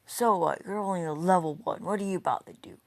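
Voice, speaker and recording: A woman's voice: on the low side, quick pace, lightly acted. A woman voicing an arrogant young male fighter who taunts a weaker rival. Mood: taunting.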